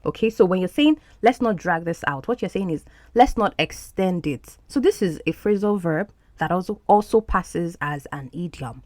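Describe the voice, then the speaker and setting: A woman's voice: lowish voice, animated, moderate pace, a little mellow, no room sound. Woman explaining English phrases, dry sound. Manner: patient, explanatory, repeats words for practice. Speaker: English teacher. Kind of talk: explaining film clips in an English lesson.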